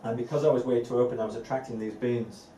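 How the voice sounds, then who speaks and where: A man's voice: mid-range voice, fairly even intonation, fast, warm tone, far from the mic. Man teaching in an echoey room, off-mic. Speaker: spiritual teacher. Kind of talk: live evening talk to a group. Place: indoor room with a live audience. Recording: echoey room, voice off-mic, faint ambient noise.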